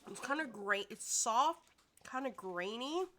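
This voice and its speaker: A woman's voice: fairly high pitch, expressive, unhurried, fairly bright tone, slight background noise. A young woman streaming a video game, chatting playfully in cutesy baby-talk slang. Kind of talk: casual game-stream chat.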